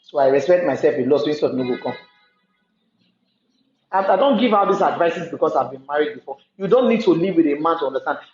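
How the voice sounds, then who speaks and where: A woman's voice: low-pitched, lively intonation, fast, darkish tone, slight background noise. A woman with a Nigerian accent, talking at length in an emphatic storytelling way and repeating herself for stress. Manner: talkative, emphatic storytelling with repetitions. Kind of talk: casual monologue. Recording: echoey, slightly dull room recording.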